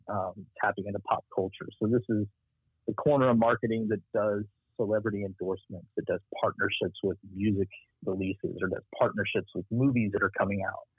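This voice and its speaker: A man's voice: lowish voice, slightly rough, dry recording. A man from Texas with a Texas accent, telling stories from his marketing career in a casual interview. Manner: animated storyteller, acts out quoted voices. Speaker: marketing strategist guest. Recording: tinny phone-like line.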